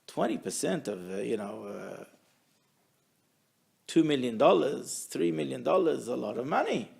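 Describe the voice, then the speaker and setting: A man teaching a weekly Torah class who tells stories in a lively way and acts out the people in them. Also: mid-range voice, moderate pace, creaky, slightly rough. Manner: animated storyteller, acts out quotes. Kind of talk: storytelling Torah lesson.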